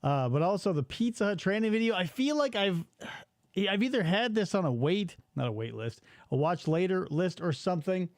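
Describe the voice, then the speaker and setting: High-voiced ranting male podcast host. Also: moderate pace, no echo, studio quality. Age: 40s. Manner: animated, exasperated, swears freely. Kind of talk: casual ranting chat.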